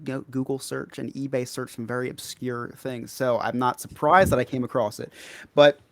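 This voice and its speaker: A man's voice: mid-range voice, steady tone, moderate pace, gravelly, dry recording. Hesitant man chatting on a podcast. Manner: hesitant, many restarts. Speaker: podcast co-host. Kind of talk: casual chat.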